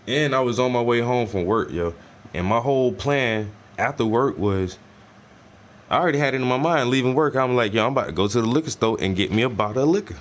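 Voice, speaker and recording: A man telling a story in casual, profane slang while he paints, his delivery animated and loose. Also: medium pitch. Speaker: painting stream host.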